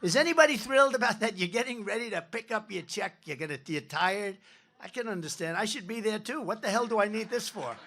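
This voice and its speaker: A man's voice: high voice, lively intonation, a little fast, fairly bright tone. A man in his seventies giving a rambling, boastful campaign speech from a podium at a large rally. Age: 70s. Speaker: political candidate. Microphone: podium mic.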